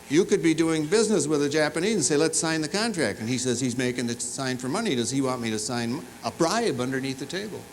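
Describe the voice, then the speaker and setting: At a large university fieldhouse, a man with a fairly high-pitched voice gives a commencement address, joking with the audience through animated, funny stories and asides. The audio is poor and has slight background noise.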